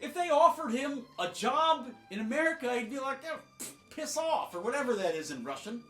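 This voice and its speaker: A man's voice: very high-pitched, animated, brisk, soft background music. Sarcastic male commentator, echoey room. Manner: sarcastic, mocking, swinging loud to soft. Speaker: political commentator. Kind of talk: sarcastic commentary over clips.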